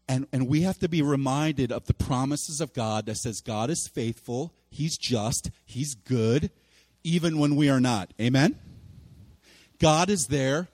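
A man preaching a sermon as pastor in a church, animated and acting out the voices of people he quotes. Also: medium pitch, a little slow, in a large hall. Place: church sanctuary.

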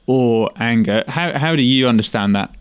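A man's voice: mid-range voice, normal speed, clear, resonant tone, no room sound. A man hosting an interview, asking follow-up questions and giving short affirmations. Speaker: interview host. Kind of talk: conversational interviewing.

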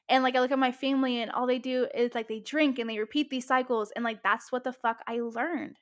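A woman's voice: a little high, brisk, a bit bright. A young adult woman hosting a casual self-help talk, candid and emphatic, swearing freely and saying "like" often. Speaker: podcast host.

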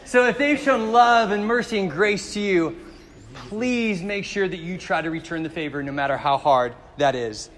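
A man's voice: fairly high pitch, a bit bright, big-room sound. A male pastor giving a sermon in a conversational, storytelling way with jokes.

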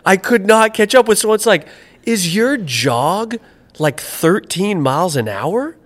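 A man's voice: high voice, a little slow. Chatty man with rambling fillers. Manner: rambling, animated storyteller with many fillers. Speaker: podcast co-host. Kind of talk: casual chat.

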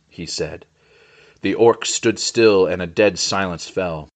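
Man, storybook narrator, very low pitch, measured dramatic reading. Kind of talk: scripted narration of a fantasy story.

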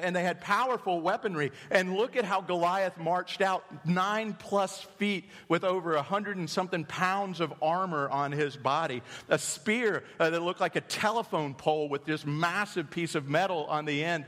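A man preaching a sermon as a pastor, animated and storytelling, dropping to hushed tones and rising again. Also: fairly high pitch. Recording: long hall reverb.

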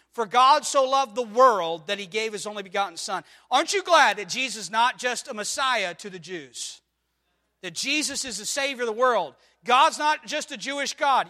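A man preaching a sermon to a congregation, moving from low questioning to loud, emphatic declarations. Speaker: pastor.

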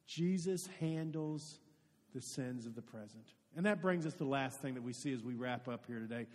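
A man's voice: a little high, fairly quick, a little mellow. A man preaching a sermon, telling a story earnestly and addressing his congregation directly in a church. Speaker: pastor. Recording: long hall reverb.

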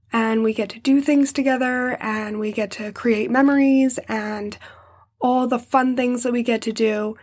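A fairly high-voiced young woman talks through a painful personal story on her podcast. She pauses often to keep from crying and sometimes falls to a near whisper. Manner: emotional, pausing to hold back tears. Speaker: podcast host.

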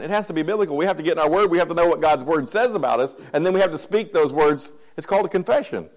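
A man's voice: a little high, lively intonation, very fast, few pauses, low-quality recording. A male pastor giving a conversational sermon, often repeating phrases and asking the congregation if they follow him. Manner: keeps checking in with the congregation.

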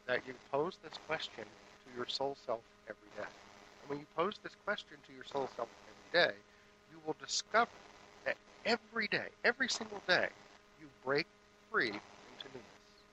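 A man minister giving a sermon that moves from a hushed guided meditation into lively storytelling. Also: mid-range voice, a little hiss or hum, rough recording.

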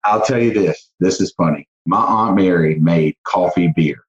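Deep-voiced Southern man with a twang. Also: moderate pace. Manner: earnest storytelling with many restarts. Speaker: guest, car dealership owner. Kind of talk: casual podcast interview. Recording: dull lo-fi sound.

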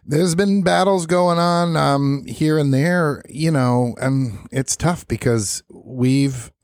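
A man's voice: fairly high pitch, slow pace, no room sound, clean studio sound. A man co-hosting a podcast in easygoing, agreeable casual chat with the odd joke. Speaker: podcast co-host.

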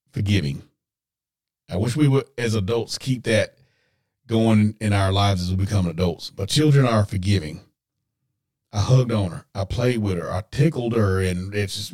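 A man with a somewhat low voice shares a personal story on his podcast. He talks earnestly and with feeling, often turning to his listeners with preacher-like asides. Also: a little mellow. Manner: earnest, emotional, addresses listeners as guys. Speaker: podcast host.

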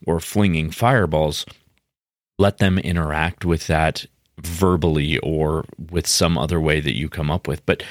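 A man's voice: low-pitched, no echo, studio quality. A man hosting a podcast, explaining game-mastering tips in an earnest, explanatory way with frequent restarts. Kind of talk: instructional podcast talk.

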